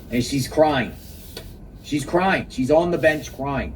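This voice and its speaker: A man's voice: medium pitch, takes it slowly, recorded from a distance, a little hiss or hum, low-quality recording. A man giving emphatic live reaction commentary outdoors, exclaiming and repeating his key points.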